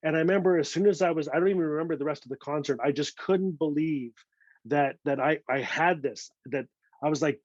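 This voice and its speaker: An author speaking at a literary talk shares a personal story, earnest and prone to repeated words when he starts over. His higher voice moves fairly quickly, with no room sound, and the dry recording is dull and a bit lo-fi.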